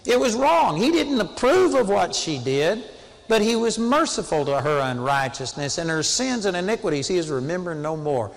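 A male preacher with a slightly high voice delivers a sermon in an earnest, conversational manner. He climbs to sudden emphatic peaks when he drives a point home. His voice rings with a long reverb, as if he is speaking in a large hall. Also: big pitch swings, moderate pace.

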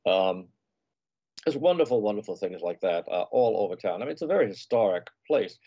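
A man with a low, mellow voice chats unhurriedly as an interview guest, spinning anecdotal travel tales. The sound is dull and lo-fi, like remote call audio. The room gives it a dry, close feel. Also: animated, fairly quick, dry recording. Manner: leisurely, anecdotal storytelling. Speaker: food and travel writer guest. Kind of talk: conversational interview.

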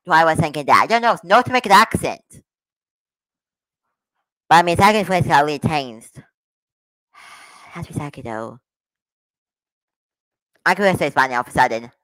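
A man hosting a live reaction stream, rambling through excited guesses full of restarts in a casual chat style. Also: a little high, no echo, poor audio. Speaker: livestream reaction host.

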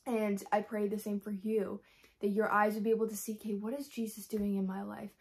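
A woman talking candidly in a personal faith vlog, her voice tired and worn, soft and halting with many fillers. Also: medium pitch, flat delivery. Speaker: faith vlogger.

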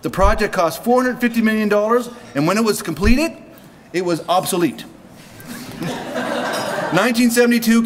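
A man's voice: high voice, background noise. A man from Canada giving a joking wedding speech at a reception, reading prepared lines with humor. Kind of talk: wedding toast.

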